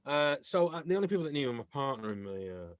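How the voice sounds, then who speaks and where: A middle-aged man from England chats as a podcast guest, spinning animated anecdotes and slipping into the voices of the people he quotes. His voice sits at an ordinary pitch for a man. The sound is close and dry, with no room echo. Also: fast talker. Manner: lively storyteller who acts out quoted voices. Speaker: guest, comedian and actor. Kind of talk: casual anecdotal chat.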